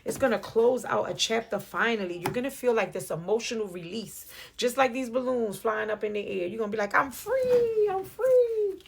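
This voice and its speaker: A chatty woman with a New York accent gives a casual tarot reading straight to the camera, teasing and warm toward the viewer she calls beloved. Her mid-pitched voice carries a gravelly fry, and a faint hiss sits behind it. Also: fairly quick, hardly any pauses. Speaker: tarot reader. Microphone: phone or webcam on video.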